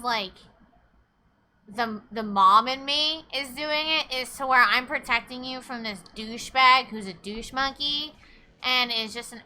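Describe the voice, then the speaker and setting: A woman's voice: sits high, pushed and bright. A young woman streaming a game live, chatty and rambling, swearing freely and thanking viewers as she talks. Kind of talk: casual live game commentary.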